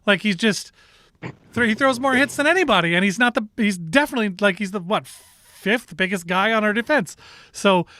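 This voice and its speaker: A man's voice: sits high, animated, moderate pace, bright, forceful tone, no echo. A man with a Canadian accent co-hosting a sports show, talking casually and rambling with restarts and strong opinions.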